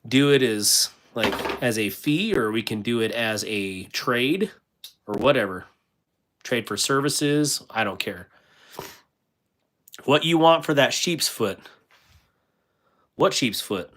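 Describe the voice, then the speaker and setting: A man's voice: mid-range voice, a bit bright. Rambling man hosting a casual livestream. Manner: rambling, with many fillers and restarts; reads viewer comments aloud and answers them. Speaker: livestream host.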